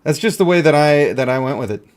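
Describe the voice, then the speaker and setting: A man's voice: a little high, animated, fast, a little mellow, clear, resonant tone. Chatty, joking male game streamer. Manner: chatty, joking, talks to himself and his chat. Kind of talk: casual live-stream commentary.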